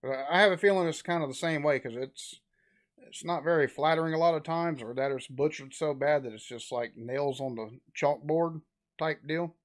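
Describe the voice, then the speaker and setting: A man's voice: a little high, moderate pace. A man hosting a reaction video, talking casually with lots of restarts and fillers. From Southern United States. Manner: rambling, with frequent restarts and fillers.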